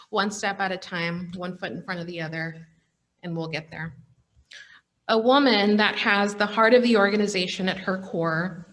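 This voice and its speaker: A woman's voice: mid-range voice, fairly bright tone. A woman, the outgoing president, giving an emotional farewell speech at an awards program, a little choked up and laughing through it.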